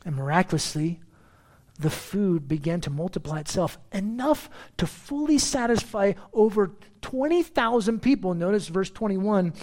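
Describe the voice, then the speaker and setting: A man's voice: lively intonation, normal speed, darkish tone. Man preaching an emphatic sermon. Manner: emphatic preaching, repeating key phrases, rising in pitch for emphasis. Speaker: pastor.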